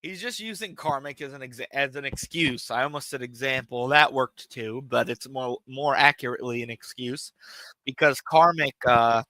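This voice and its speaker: A man's voice: mid-range voice, moderate pace, pushed and bright, no room sound, low-quality recording. A man on a live stream, ranting in a rambling, profane, emphatic way to his chat. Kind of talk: casual live-stream rant.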